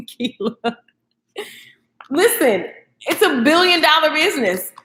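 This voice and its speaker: A woman hosting a casual late-night live stream, animated and slangy, laughing often and talking straight to her viewers. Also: high-pitched, takes it slowly. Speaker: live stream host, beauty professional. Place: echoey room, home at night. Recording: echoey room.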